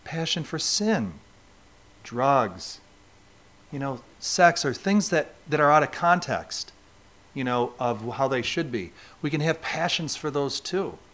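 Animated preacher with a lively voice. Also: male voice, mid-range voice, takes it slowly. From New York State, USA. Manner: animated, conversational preaching with rhetorical questions to the congregation. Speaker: pastor. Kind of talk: sermon.

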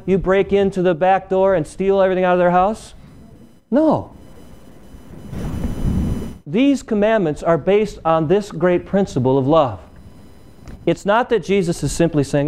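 A man's voice: high voice, darkish tone, smooth. A male preacher giving a sermon, emphatic and repeating key phrases, firing rhetorical questions at the congregation.

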